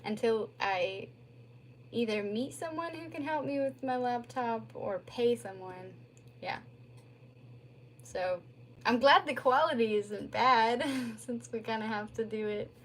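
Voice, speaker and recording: Young female streamer, casual home chat into her phone, unhurried delivery, light background noise. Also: a little high. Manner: rambling, lots of "like" fillers.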